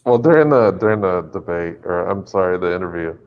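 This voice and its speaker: Low-voiced male co-host with a jokey, bantering manner; dull lo-fi audio. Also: lively intonation. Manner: joking, banter-heavy, quick laughs. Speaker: podcast co-host. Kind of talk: casual podcast chat.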